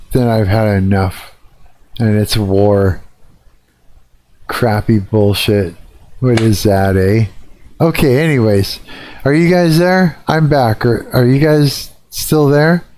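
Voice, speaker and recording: A man's voice: mid-range voice, a little mellow. A man live streaming, ranting and swearing in a casual chat with his viewers.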